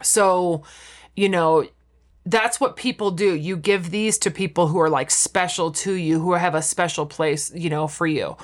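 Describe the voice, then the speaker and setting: A woman's voice: lowish voice, a little slow. A woman chatting casually as a podcast co-host, retelling scenes with acted-out quotes and frequent laughter. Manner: animated storytelling, acting out quotes, laughing often. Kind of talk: casual chat about a TV show.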